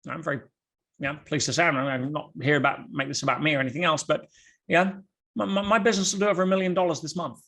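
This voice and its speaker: A man talking as a guest on a podcast, telling stories in an animated way with rhetorical questions and quick restarts. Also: on the high side, gravelly. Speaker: podcast guest, motivational speaker. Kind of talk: podcast conversation.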